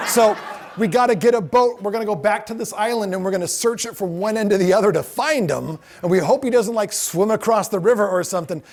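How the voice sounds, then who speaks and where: A middle-aged man giving a storytelling lecture, animated and laughing often, acting out the voices of the people in his stories. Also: sits high, quick pace.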